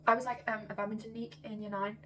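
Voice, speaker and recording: A young woman in casual chat, quick and full of "like". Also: a little high, flat delivery, fairly bright tone. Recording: mic far off, faint background noise.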